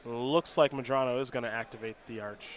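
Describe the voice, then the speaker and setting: A man giving live play-by-play commentary on a card game tournament, brisk and joking, now and then tripping over card names. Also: medium pitch, fairly even intonation, slight background noise.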